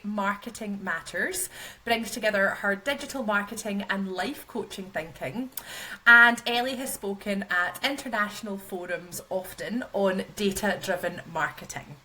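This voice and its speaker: Scottish lady host, bright clear voice, friendly, laughs along. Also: mid-range voice, rough recording. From Scotland. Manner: friendly, laughs along, reads intro carefully. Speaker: podcast host. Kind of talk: interview hosting.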